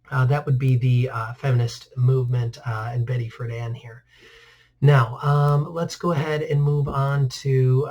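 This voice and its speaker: In a recorded class lecture over slides, a man with a mid-range voice teaches history. His manner is relaxed and conversational, with side remarks and plenty of "uh" fillers in the pauses.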